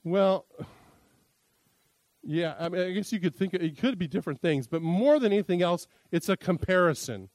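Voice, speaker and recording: A man's voice: sits high, lively intonation, normal speed, a little mellow, no room sound. A middle-aged male pastor teaching a sermon in a conversational, jokey way, acting out quoted lines. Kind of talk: sermon teaching on interpreting scripture.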